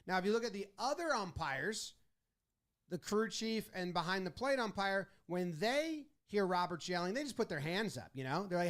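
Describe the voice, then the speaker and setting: High-voiced man breaking down baseball clips. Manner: animated, acts out players' and umpires' lines in quick voices. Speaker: sports video commentator. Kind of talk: baseball highlight breakdown commentary.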